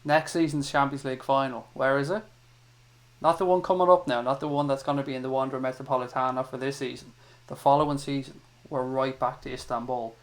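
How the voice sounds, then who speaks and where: A man hosts a casual fan chat on a livestream. He talks in a relaxed, chatty way and reads viewer comments aloud in a middling voice. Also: mid-range voice, a little fast. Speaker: host of fan chat show.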